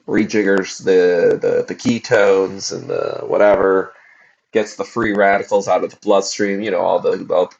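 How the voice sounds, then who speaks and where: On a lo-fi livestream, a forty-something podcast host rambles in a low, gravelly voice. He's tired from fasting, and his casual talk is packed with profanity and fillers.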